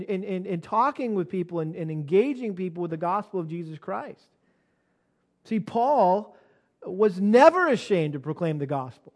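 A man with a high voice preaches to his congregation. He tells a personal story in a loose, halting way, full of restarts, then swells into emphatic urging. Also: animated. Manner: storytelling, many restarts, rising to emphatic exhortation. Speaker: pastor. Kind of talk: sermon with personal anecdote.

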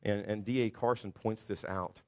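A man with a somewhat low voice delivers an earnest expository sermon. He talks his listeners through the passage, stumbling and restarting now and then as he explains it. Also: steady tone, normal speed, darkish tone. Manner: earnest preaching with restarts and verse readings. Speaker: pastor.

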